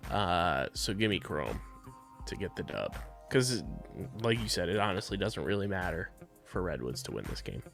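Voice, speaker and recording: A man's voice: low-pitched, big pitch swings, moderate pace, gravelly, a bit bright, faint music behind. A man co-hosting a casual sports podcast, upbeat and jokey, reading sponsor spots in a hype voice. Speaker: podcast co-host.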